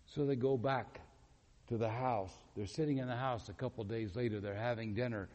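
A man's voice: medium pitch, normal speed, slight background noise. A man preaching a sermon, telling a story, acting out the quotes and asking the congregation questions. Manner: animated, acts out quotes, asks the audience questions. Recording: long hall reverb.

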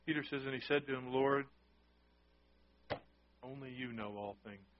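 A man's voice: mid-range voice, moderate pace, muffled recording, a little hiss or hum. A man preaching a sermon, talking conversationally and often asking the congregation questions. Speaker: pastor.

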